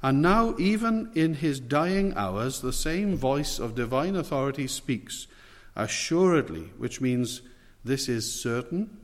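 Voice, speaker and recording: A man's voice: medium pitch, expressive. Emphatic male preacher in a reverberant hall. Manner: measured, emphatic preaching with slow stressed phrases. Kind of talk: sermon.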